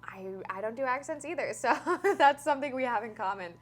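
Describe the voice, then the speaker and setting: A woman's voice: on the high side, fast. A young adult woman interviewing a fellow actor in a friendly, chatty way, with plenty of fillers. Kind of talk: casual interview chat.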